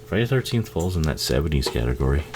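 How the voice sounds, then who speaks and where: A man giving a casual, profane movie commentary, laughing often and acting out the characters in quick asides. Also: extremely low pitch, sing-song, noisy background.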